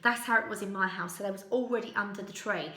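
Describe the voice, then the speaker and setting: A woman, chatting about family memories in a relaxed sit-down vlog, rambling and storytelling with lots of fillers. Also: medium pitch, fast. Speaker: lifestyle vlogger. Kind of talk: relaxed sit-down chat to camera. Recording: echoey room.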